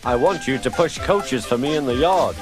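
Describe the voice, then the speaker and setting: A man voicing a brisk, kindly male railway boss in a children's storybook, firm but encouraging. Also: mid-range voice, expressive, voice pushed up, natural voice. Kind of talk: storybook narration with character voices. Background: background music.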